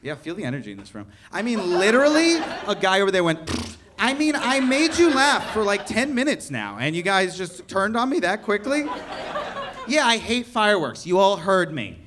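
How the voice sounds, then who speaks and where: A man's voice: sits high, wildly swooping pitch, moderate pace, background noise. A young man performing a stand-up comedy set, ranting in mock outrage to a live crowd. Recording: live venue with audible audience laughter. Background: audience laughter.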